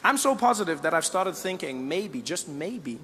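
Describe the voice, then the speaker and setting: A man with a South African accent performing stand-up comedy, telling a story in an animated way and slipping into other people's voices. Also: fairly high pitch, moderate pace, some chatter behind, slight background noise.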